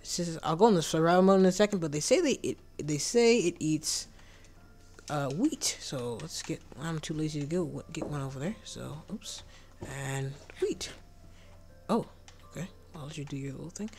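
A man giving casual gameplay commentary, excitable, jumping into squeaky outbursts of surprise and dropping to whispered asides, his voice cracking when it goes high. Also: moderate pace, soft background music. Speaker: gaming channel host.

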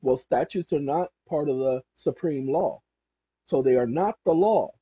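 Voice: medium pitch, measured pace, mellow, husky, no room sound. A speaker giving rambling legal commentary who reads passages aloud and keeps correcting themselves mid-sentence. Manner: emphatic and repetitive, corrects self mid-sentence. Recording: dull lo-fi recording.

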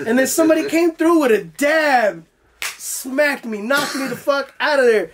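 A man's voice: very high voice, expressive, moderate pace, fairly bright tone. A young man telling a story in a loose, profane style, acting out his own voice as he goes. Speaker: guest. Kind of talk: casual storytelling.

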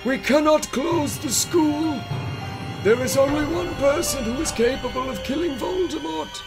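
A man voicing a solemn old male headmaster wizard in a high, slow, quavering mock-grave voice. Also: gravelly, music in the background, heavily acted.

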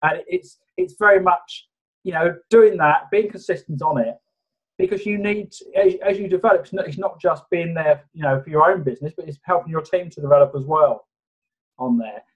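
A man answers interview questions over a video call at a calm, measured pace, often pausing on "you know." His voice sits a little high for a man. The call audio is dull and muffled. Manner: steady, measured, many fillers. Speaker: guest.

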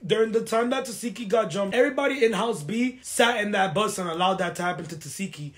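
A woman's voice: mid-range voice, quick pace, a bit bright. A woman hosting a casual chat show, venting emotionally and repeating phrases for emphasis. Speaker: podcast host.

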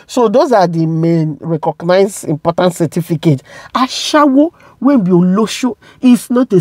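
A woman's voice: on the low side, a little mellow, dry recording, studio quality. A woman with a Nigerian accent talking to her viewers about celebrity gossip, emphatic and repeating words for stress. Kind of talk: casual commentary to viewers.

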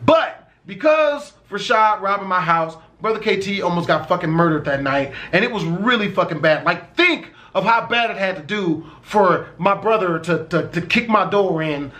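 A man's voice: sits high, expressive, moderate pace, few pauses, pushed and bright. A young man telling a personal story in casual, profane vlog style, swearing constantly and stressing words hard.

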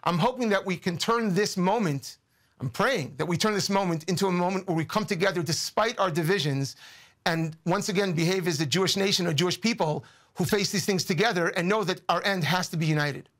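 A man's voice: high voice, brisk, fairly bright tone. A man speaking as a guest commentator in a news interview, earnest and emotional, often repeating words as he searches for them.

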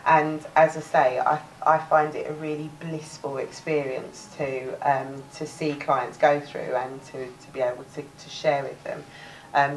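Cockney woman leading a workshop, low voice, a little far from the mic with faint background noise. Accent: London Cockney. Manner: chatty, restarts words, laughs often. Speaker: workshop presenter. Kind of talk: live workshop teaching.

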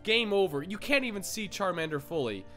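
A young man excitedly commenting on a video game he is playing, rambling and filling his talk with "like". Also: sits high, brisk. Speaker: gaming YouTuber. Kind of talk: casual let's play commentary. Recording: game music underneath.

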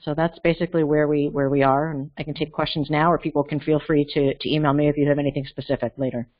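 A woman's voice: deep voice, level tone, fast talker. A woman leading a nonprofit board, giving an earnest organizational update at an online meeting and restarting words mid-way. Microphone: video call. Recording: dull lo-fi call audio.

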